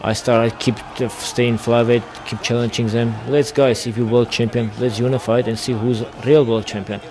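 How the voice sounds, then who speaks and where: A man's voice: medium pitch, flat delivery, normal speed. A man with an Armenian accent, a boxer speaking broken English bluntly and confidently as an interview guest. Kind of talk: casual interview.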